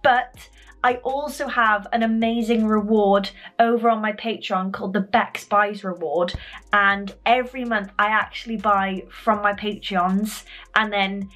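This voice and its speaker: A young woman gushing with excitement as she opens parcels in a casual vlog, full of fillers and exclamations. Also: mid-range voice, measured pace. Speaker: stationery vlogger. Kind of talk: unboxing vlog.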